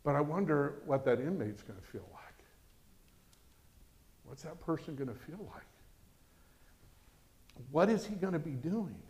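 A man preaching a sermon as pastor, animated and acting out quoted voices. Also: fairly high pitch, a little slow, pauses often.

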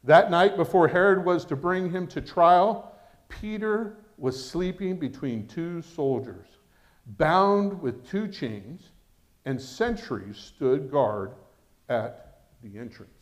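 High-voiced animated male preacher. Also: takes it slowly. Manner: animated preaching, acts out quotes with rising voice. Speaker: pastor. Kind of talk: sermon.

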